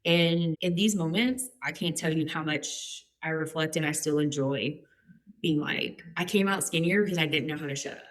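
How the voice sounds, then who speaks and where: Woman in her forties, low-ish voice, chatty, joking, fillers, candid story. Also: moderate pace. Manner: chatty and humorous, many fillers. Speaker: guest.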